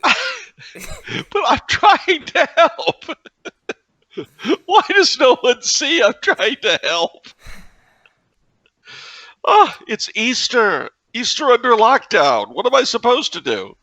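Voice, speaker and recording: A man doing a manic, gleefully sinister voice that keeps breaking into high, breathy giggles. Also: wildly swooping pitch, slow pace, long pauses, sharp tone, dry recording, full character voice. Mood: mock wounded.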